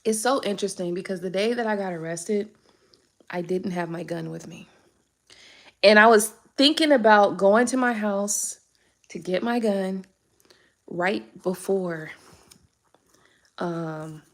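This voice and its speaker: A woman's voice: medium pitch, a little slow, long pauses. A young woman, a tarot reader chatting casually and candidly on a live stream, swearing freely.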